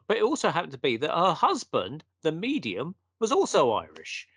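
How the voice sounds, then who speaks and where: A man, a guest in a conversation, telling a long story and acting out what people said. His voice sits a little high and sounds bright, with wide swings in pitch. The sound is close and dry. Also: a little fast, breathy edge, dry recording. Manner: animated storyteller acting out quotes. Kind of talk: casual anecdote in conversation.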